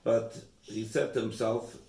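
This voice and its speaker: A man teaching an informal Torah class in a home, halting and repeating himself, with Hebrew terms mixed in. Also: lowish voice, steady tone, vocal fry, mellow. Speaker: rabbi giving a Torah class. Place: room in a private home. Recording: echoey room, distant mic, faint noise.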